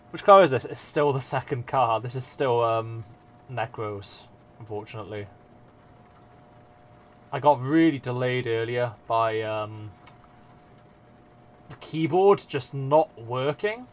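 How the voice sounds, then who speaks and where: A man streaming live, chatting casually and self-mockingly with his viewers and swearing freely as he works. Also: medium pitch.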